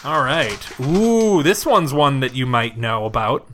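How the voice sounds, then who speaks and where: Playful, bright-voiced male podcast host. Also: medium pitch, animated, a little hiss or hum. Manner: playful, quick to laugh, goes along with absurd bits. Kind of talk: improvised comedy podcast banter.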